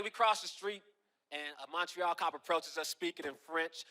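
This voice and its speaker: A man doing stand-up comedy, telling stories in a deadpan way with punchy asides. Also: sits high, a little fast, background noise.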